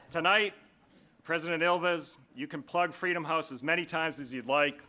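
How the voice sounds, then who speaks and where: Bright-voiced man giving a formal introduction. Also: fairly high pitch, a faint crowd. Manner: measured, rhetorical, deliberate pauses. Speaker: host introducing the keynote speaker. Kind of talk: formal prepared speech. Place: banquet hall.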